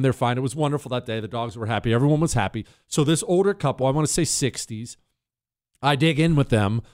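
A man hosting a talk show, telling a long story in an emphatic way and talking straight to his listeners. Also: medium pitch. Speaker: radio show host.

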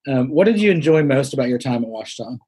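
A man in the host seat of a relaxed conversation, putting questions in an easy, friendly way. His voice sits in an ordinary middle range, and he chuckles along with his guest. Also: mid-range voice, quick pace, husky. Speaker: interviewer. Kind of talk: casual interview.

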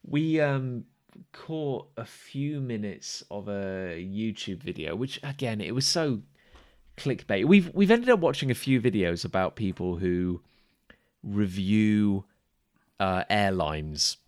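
A man, co-hosting a comedy podcast, ranting in an exasperated, animated way. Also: on the low side, takes it slowly, no room sound, studio quality. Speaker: podcast co-host. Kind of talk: casual comedic chat.

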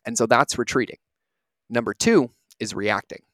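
A man's voice: medium pitch, animated, moderate pace, a bit bright, no room sound. A man in his thirties, a podcast host, giving an earnest, reflective motivational talk and often asking "right?".

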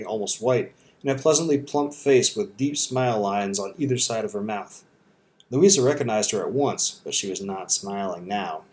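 A man narrating an audiobook in a steady, measured storytelling manner. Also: on the low side.

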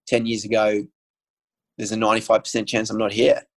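A man's voice: fairly low pitch, monotone, a little fast, poor audio. A man, a guest telling a personal story in casual conversation, earnest and candid, with frequent ums and restarts. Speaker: guest sharing his story.

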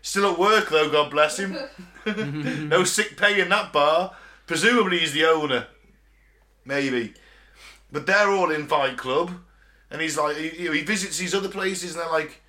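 Man, casual podcast co-host, bright tone, sweary, rambling. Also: a little high, unhurried. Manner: rambling, sweary, laughs while retelling scenes. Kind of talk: casual chat recapping a film.

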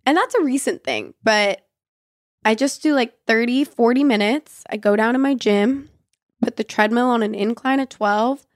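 A woman's voice: fairly high pitch, normal speed, no room sound, clean studio sound. A young woman hosting a casual question-and-answer chat, nasal from being sick, frank and chatty, swearing casually. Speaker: podcast host.

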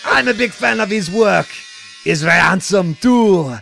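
A man's voice: high voice, measured pace, creaky, pushed and bright, faint music behind, voice pushed up, heavily acted. A man putting on an exaggerated mock-French accent as a chirpy, vain character in a comic podcast interview bit, with a sing-song delivery. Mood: playful.

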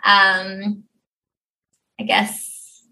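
Slow-talking, bright Australian woman. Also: mid-range voice, monotone. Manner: giggly, laughs often between phrases. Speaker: podcast guest. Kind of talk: casual interview chat.

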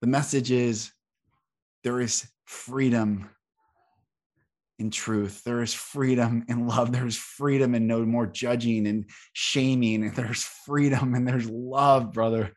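A man's voice: medium pitch, steady tone, slow. A man hosting a podcast who speaks fervently and repeats himself for emphasis in an emotional spiritual conversation. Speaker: podcast host.

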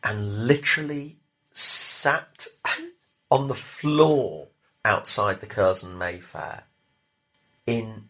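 A middle-aged man chatting as a podcast guest, telling stories with loud bursts and quiet asides. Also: lowish voice, drawn-out words, long pauses. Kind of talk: casual chat.

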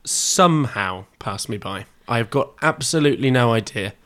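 A man co-hosting a podcast, chatting in a dry, playful, quick-witted way. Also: mid-range voice, animated, fairly bright tone. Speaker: podcast co-host. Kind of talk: casual chat.

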